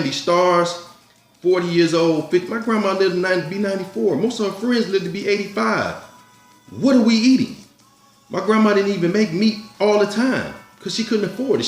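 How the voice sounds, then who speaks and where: A man hosting his own commentary, giving a blunt, preachy motivational monologue that repeats its urgings. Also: on the high side. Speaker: commentary host. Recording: echoey room with faint music.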